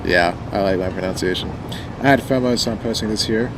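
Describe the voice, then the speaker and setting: A man's voice: on the low side, a little fast, noisy background. A young man with a mild rural American country accent, livestreaming a game and chatting casually with viewers at a desk microphone, rambling and joking and often trailing off. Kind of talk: casual chat with stream viewers while gaming.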